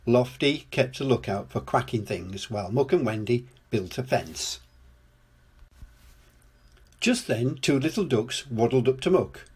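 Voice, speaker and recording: An older man reads a children's storybook aloud, his voice a little husky and breathy. His pitch moves up and down freely as he tells the story in a gentle, lively way. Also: a little slow.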